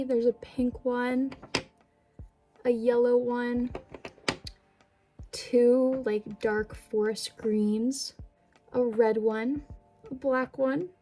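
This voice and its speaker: A woman's voice: on the high side, dark tone, rough recording. A young woman vlogging at home, unboxing gifts in a gushing, chatty way with lots of fillers and little apologies. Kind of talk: casual vlog unboxing. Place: indoors at home.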